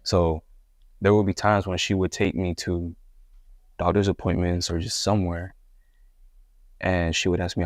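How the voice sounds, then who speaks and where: A man's voice: sits low, little pitch movement, moderate pace, long pauses, dry recording, studio quality. A young man from Puerto Rico, a guest hip-hop artist, tells his life story in a candid, rambling way with many restarts. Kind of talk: casual interview storytelling.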